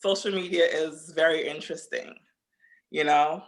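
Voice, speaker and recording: A woman's voice: sits low, fairly even intonation, normal speed. A woman telling a personal story in casual podcast chat, blunt and full of profanity. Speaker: podcast guest.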